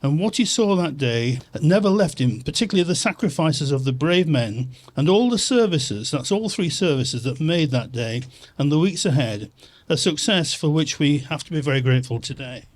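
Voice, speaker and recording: A man, chairman of a charity's trustees, giving a measured formal speech of thanks and remembrance. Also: fairly high pitch, expressive.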